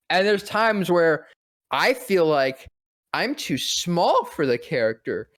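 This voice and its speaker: A man's voice: on the high side, sing-song, a bit bright, no room sound, studio quality. A young man, a voice actor, telling a story in casual chat, rambling, swearing freely and laughing often. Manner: rambling, profane, quick to laugh. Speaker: podcast guest, voice actor.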